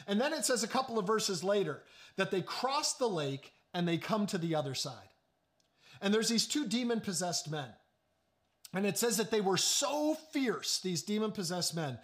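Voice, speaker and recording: A male pastor preaching a sermon, animated, with joking asides and sudden drops to hushed, slow emphasis. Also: high voice.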